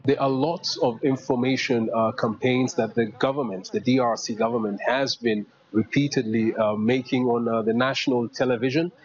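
Man filing a halting, dull-toned news report. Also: medium pitch, steady tone. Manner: unscripted, many fillers and restarts. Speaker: news correspondent.

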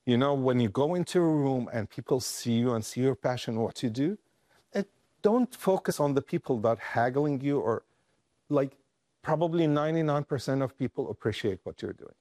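A man who works with refugees, telling a personal story in an emotional, halting way with many restarts. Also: medium pitch, animated, warm tone, no room sound, studio quality. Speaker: guest, refugee aid worker.

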